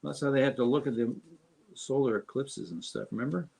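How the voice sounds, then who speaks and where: A man's voice: mid-range voice, a little fast, creaky, darkish tone, husky. A man co-hosting a casual live stream, trading jokes and teasing banter. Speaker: co-host.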